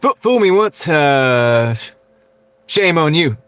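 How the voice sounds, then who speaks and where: A man doing a quick impression of a folksy older ex-president, stumbling through an old saying. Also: on the high side, sing-song, a bit bright, clear, resonant tone, voice pushed up, heavily acted. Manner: halting, stumbling over a well-worn saying.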